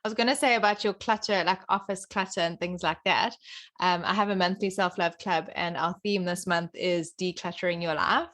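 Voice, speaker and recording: A woman's voice: on the low side, steady tone, brisk, fairly bright tone. Lady hosting a podcast, chatty and upbeat, lots of ums and likes. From South Africa. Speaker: podcast host. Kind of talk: casual interview chat.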